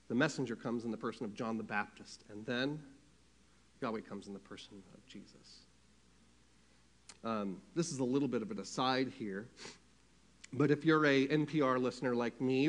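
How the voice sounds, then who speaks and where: A man preaching a sermon, asking his congregation questions and swinging between loud emphasis and hushed, quiet passages. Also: medium pitch. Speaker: pastor.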